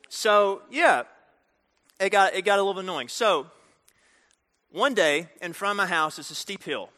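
A man preaching a storytelling sermon, talking directly to the audience in an animated way. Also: sits high, normal speed. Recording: reverberant hall.

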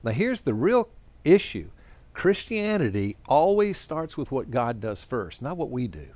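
A male preacher giving a conversational sermon, pausing often with fillers while he sketches a diagram to explain his points. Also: mid-range voice, sing-song, darkish tone, dry recording. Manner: conversational, drawn-out pauses and fillers. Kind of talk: sermon with storytelling.

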